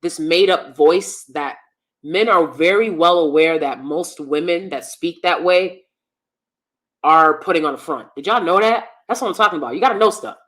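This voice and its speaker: A woman with a fairly low voice hosts a laid-back livestream, reading out viewer comments. She talks in an emphatic, opinionated way and repeats points for stress. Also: normal speed, a bit bright. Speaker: host.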